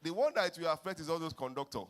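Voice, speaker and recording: A man's voice: on the high side, animated, fast, a bit bright. A man with a Nigerian accent speaking at a church conference, telling a humorous story and acting out street characters with Yoruba phrases.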